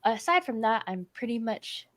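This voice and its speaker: A woman's voice: fairly high pitch, lively intonation, moderate pace, a bit bright. A woman player introducing herself in an easygoing, slightly hesitant way. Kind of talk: casual chat.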